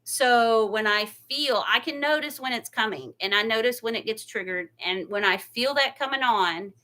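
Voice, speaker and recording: A woman's voice: a little high, moderate pace, sharp tone. A woman hosting a casual craft livestream, chatty and gushing, laughing often and close to tears. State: near tears. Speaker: craft channel host.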